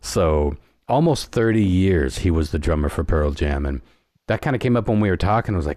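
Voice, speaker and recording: A man's voice: low-pitched, big pitch swings, fairly quick, darkish tone, dry recording, studio quality. A middle-aged man hosting a podcast, telling stories in a rambling, laid-back way. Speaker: podcast host. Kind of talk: casual chat.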